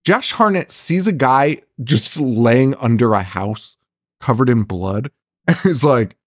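A man ranting through a casual film podcast chat, swearing freely and laughing as he goes. His voice sits at an everyday middle pitch and sounds close and dry. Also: lively intonation, slow pace, no echo. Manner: profane, ranting, laughs often. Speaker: podcast co-host. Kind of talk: casual movie review chat.

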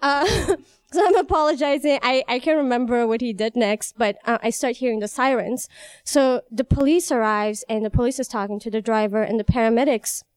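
A young woman from Iran telling a vivid first-person story, animated and laughing as she goes. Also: a little high, normal speed, clean tone, no room sound.

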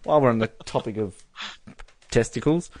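A man's voice: medium pitch, fairly quick, darkish tone, dry recording. A man co-hosting a podcast, chatting casually through a film commentary with a joking, giggly manner. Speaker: podcast co-host.

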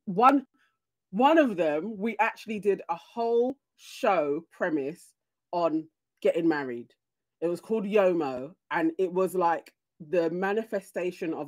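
A woman's voice: lowish voice, measured pace, a little mellow, dry recording. A woman co-hosting a podcast, giving emphatic, encouraging advice in casual chat. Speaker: podcast co-host.

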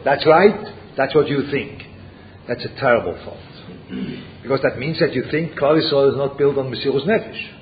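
A man with a slightly high voice teaches a Torah class at a moderate pace, asking rhetorical questions, repeating himself and mixing Yiddish and Hebrew terms into his English. The recording is muffled and lo-fi, with faint background noise.

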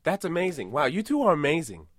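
A boastful, rambling tough-guy movie star, as a man puts him on for an improvised comedy podcast. He delivers absurd claims with a straight face, in a slightly higher voice than most men. The sound is dry and close. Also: quick pace, no echo. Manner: rambling, self-aggrandizing, deadpan absurd.

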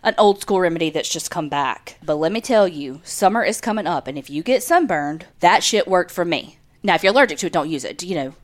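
A woman's voice: lowish voice, animated, brisk, few pauses. A woman with a Southern US accent, co-hosting a podcast in casual, chatty talk full of "like" and light swearing. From South Mississippi. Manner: chatty, cusses freely, trails off with "like". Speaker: podcast co-host. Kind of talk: casual chat.

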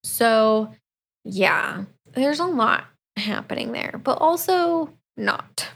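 A woman co-hosting a casual book podcast. She talks at a slow, easy pace. She retells the plot and slips in quick, lively quoted asides. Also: fairly high pitch, creaky. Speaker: podcast co-host. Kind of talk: casual book review chat.

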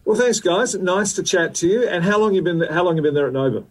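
A man's voice: high voice, animated, fast, poor audio. Hese man, radiogast, los en grappend, praat in een ontspannen, wat wijdlopig tempo. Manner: joking, rambling, self-mocking. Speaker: radio guest. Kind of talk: casual chat.

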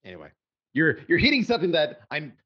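A man talking as a podcast guest in a casual interview, animated and emphatic, saying he gets fired up. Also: fairly high pitch, fast talker, breathy edge, lo-fi sound.

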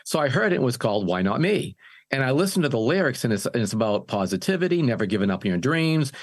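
A man's voice: medium pitch, sing-song, fast. An older man, a singer and music producer, telling his story in a casual interview and often restarting his phrases.

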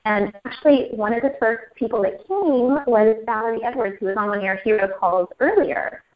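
Animated, emotional woman telling her story. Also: fairly high pitch, fairly quick. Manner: animated, repeats herself, laughs and tears up. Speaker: interview guest. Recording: muffled lo-fi audio.

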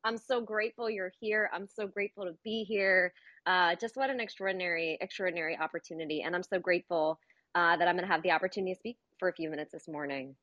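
A woman's voice: on the low side, fast talker, sharp tone, no room sound, muffled recording. Heartfelt, effusive woman guest. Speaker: guest speaker. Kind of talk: casual live audio chat.

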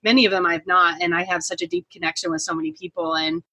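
Bright-voiced woman hosting a podcast. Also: fairly low pitch, flat delivery, fast, breathy edge, no echo. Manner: effusive, leading questions. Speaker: podcast host and energy healer. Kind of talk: conversational podcast interview.

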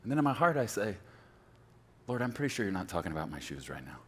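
A man preaching a sermon as a pastor, swinging from loud shouts to quiet, close talk. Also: fairly low pitch, sing-song, quick pace, a little hiss or hum. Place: church sanctuary.

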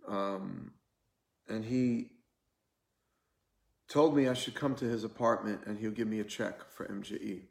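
Gravelly rabbi teaching in an echoey room. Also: male voice, medium pitch. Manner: storytelling, repeats key phrases. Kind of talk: recorded live-stream Torah class.

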